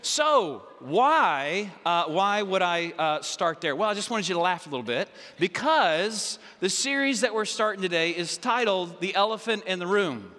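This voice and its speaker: A male pastor delivering a sermon in a church. He speaks haltingly and fills his pauses with frequent "uh"s. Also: sits high, expressive, bright, forceful tone. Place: church sanctuary. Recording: church hall reverb.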